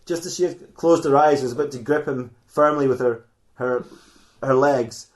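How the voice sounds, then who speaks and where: A man's voice: mid-range voice, moderate pace, roomy sound. A man hosting a comedy podcast, improvising a rambling story with frequent laughs and restarts.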